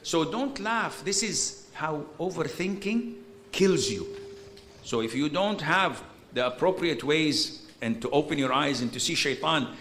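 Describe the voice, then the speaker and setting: Blunt, animated preacher with a bright voice. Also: male voice, a little high, unhurried, a little hiss or hum. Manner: animated and blunt, with emphatic bursts of exasperated humor; sprinkles Arabic religious terms into English. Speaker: Islamic preacher. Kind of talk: informal lecture answering a question.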